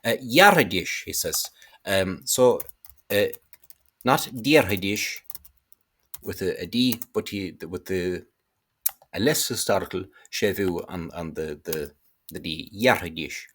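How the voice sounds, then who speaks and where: A man with a deep, husky voice talks through a language lesson. He hesitates often on fillers and then lifts his voice to stress each word he quotes. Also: unhurried. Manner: hesitant, many fillers, pronounces Irish words with emphasis. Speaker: Irish language teacher. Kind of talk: explanatory lesson.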